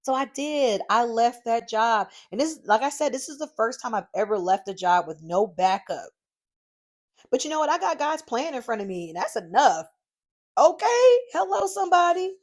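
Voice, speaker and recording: A woman hosting her own podcast, talking solo in a lively, encouraging way from her home craft room, calling her listeners "y'all.". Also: fairly high pitch, normal speed. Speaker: podcast host. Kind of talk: casual solo podcast monologue.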